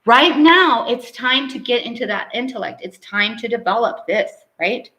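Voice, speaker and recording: A woman who works as a medium, hosting a live stream, reading out viewer comments and preaching in an animated way that keeps ending on "right?". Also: a little high, moderate pace, echoey room, low-quality recording.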